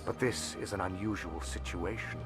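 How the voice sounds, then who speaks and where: A man gives voice to a composed alien information broker from a video game. He speaks low and deliberately, weighting single words for effect. Loud game music runs beneath him. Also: close to an everyday voice. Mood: measured. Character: male alien information broker, calm and measured. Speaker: game character.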